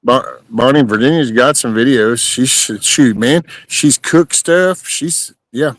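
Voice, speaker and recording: A man's voice: medium pitch, slow pace, no room sound, rough recording. Texan man with a dry sound. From Texas. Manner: rambling, opinionated. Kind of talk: casual livestream chat.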